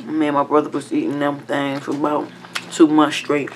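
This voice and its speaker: A woman's voice: sits low, monotone, normal speed, background noise. A woman hosting a mukbang, chatting casually while chewing and humming as she eats. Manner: talks while chewing, lots of hums of enjoyment. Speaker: mukbang host. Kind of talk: casual eating chat.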